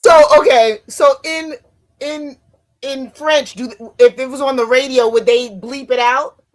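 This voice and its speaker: Animated New Jersey woman, high voice. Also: a little slow. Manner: animated, curious, asks many questions. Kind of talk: casual chat on a live stream.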